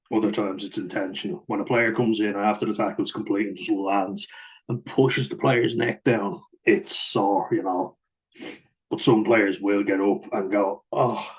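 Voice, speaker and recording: A man's voice: lowish voice, rough recording. A man, a rugby player hosting a casual, blunt commentary on the rules of the game, swearing and laughing easily along the way.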